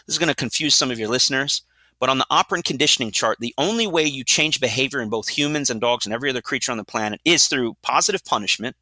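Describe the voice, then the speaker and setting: Bright-voiced, blunt male dog trainer. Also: mid-range voice, fast, dry recording. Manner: energetic, blunt, asks rhetorical questions. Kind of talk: explanatory interview talk.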